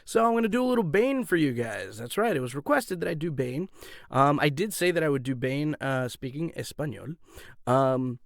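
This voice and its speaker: A voice actor and YouTube host talks loosely to camera on his own channel from a home voice-over booth, using studio condenser and shotgun mics. His fairly high, gravelly voice has lively intonation and a moderate pace, with no room sound. He's chatty, full of fillers and restarts.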